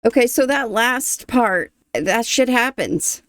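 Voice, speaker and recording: A woman's voice: on the high side, expressive, takes it slowly, a bit bright, no echo, studio quality. A woman hosting a reaction video, talking casually, moved and thoughtful, often trailing off.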